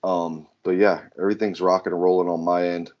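A man's voice: sits low, little pitch movement, a little fast. A man hosting a podcast, talking casually with lots of fillers and swearing. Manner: casual, profane, rambling with fillers. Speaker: podcast host. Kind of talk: casual chat. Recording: dull lo-fi sound.

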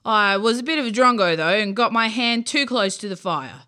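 Bunny, a woman doing a deep-voiced bunyip. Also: expressive, moderate pace, bright, forceful tone. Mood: sheepish. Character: shaggy bunyip swamp creature, gentle and clumsy. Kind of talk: bedtime story character voice.

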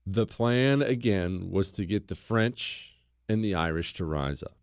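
A man's voice: low-pitched, expressive, a little slow, clean tone, no room sound, studio quality. A man hosting a podcast, telling history in a blunt, opinionated way, mocking people and acting out quotes. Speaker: podcast host.

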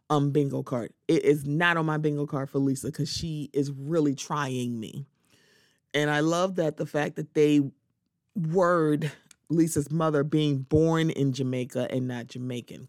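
A woman with a low, slightly mellow voice hosts a solo podcast, recorded clean in a studio with no echo. Her commentary is casual and sassy, and she often slips into quoted voices to act out other people.

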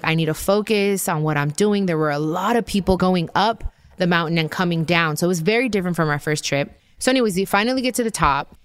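Woman host, 30s, lowish voice, chatty storyteller, dry close mic. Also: dry recording. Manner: chatty, animated, full of "like" and quoted asides. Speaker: podcast host. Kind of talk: casual storytelling.

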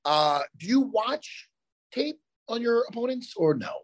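A man co-hosting a chat show from a hotel room, telling stories in an animated way and swearing freely. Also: extremely high pitch, unhurried. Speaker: podcast co-host. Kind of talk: casual chat.

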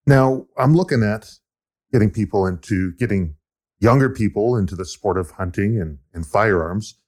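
A man from Canada, co-hosting a podcast and explaining his views in a measured, casual way. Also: on the low side, darkish tone. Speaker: podcast co-host. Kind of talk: casual conversation.

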